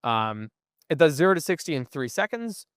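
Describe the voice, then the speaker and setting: A man's voice: fairly high pitch, big pitch swings, moderate pace, fairly bright tone, smooth, no echo, clean studio sound. A young man co-hosting a podcast, explaining things at length in casual chat and often asking "right?". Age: young adult. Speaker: podcast co-host. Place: museum.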